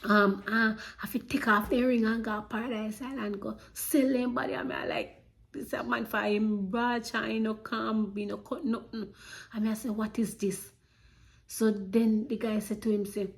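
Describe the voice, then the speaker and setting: Jamaican woman, mid-pitched, earnest first-person storyteller, emotional Patois-flavoured delivery.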